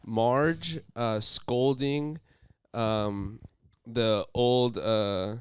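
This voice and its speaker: A man's voice: mid-range voice, drawn-out words, clean tone, no echo, studio quality. A young man co-hosting a podcast, casual chat full of crude joking banter. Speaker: podcast co-host.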